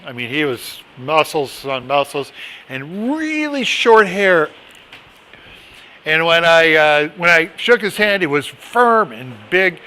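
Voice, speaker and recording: Bright-voiced man leading a chatty Bible study. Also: a little high, big pitch swings, slow. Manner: chatty, rambling, with asides and restarts. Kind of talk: casual Bible study teaching.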